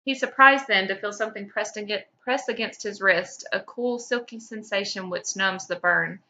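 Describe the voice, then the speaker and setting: A woman podcast host reading fan fiction aloud with lively expression. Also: mid-range voice, normal speed. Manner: lively, breaks into laughter.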